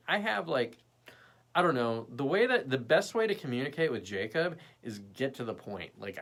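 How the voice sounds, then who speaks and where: A young man hosting a casual livestream, chatting to viewers bluntly and profanely while mimicking people in quick bits. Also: mid-range voice, a bit bright. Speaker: livestream host. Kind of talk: casual live chat reading viewer comments.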